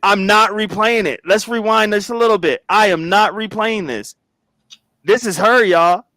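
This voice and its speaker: A man's voice: high-pitched, normal speed, pushed and bright, dry recording. A man hosting a reaction commentary, talking dramatically with lots of exclamations. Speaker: host.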